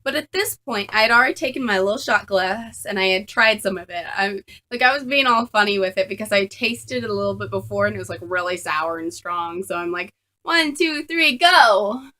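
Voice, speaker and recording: A young woman telling a casual storytime vlog to a camera on a tripod. She talks in an animated, chatty way with lots of fillers. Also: medium pitch, a little fast, hardly any pauses. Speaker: vlogger.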